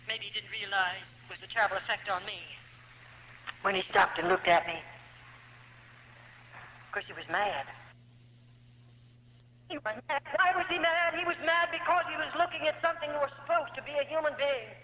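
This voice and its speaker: Woman with a really high voice telling her testimony all dramatic, tinny old tape in an echoey hall. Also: moderate pace, pauses often, slight background noise. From United States. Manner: dramatic, emotional storytelling. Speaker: testimony speaker. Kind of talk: emotional spoken testimony.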